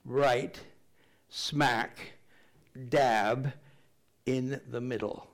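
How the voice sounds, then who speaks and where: A man's voice: medium pitch, steady tone, very slow. An older man preaching a sermon, reading scripture aloud and telling stories in a conversational way, with rambling, self-deprecating asides. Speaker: pastor.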